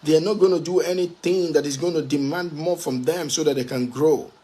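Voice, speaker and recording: A man's voice: fairly high pitch, brisk, mellow. Emphatic man giving a motivational talk. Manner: emphatic, repeats key phrases for stress; spells out words letter by letter. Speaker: motivational speaker.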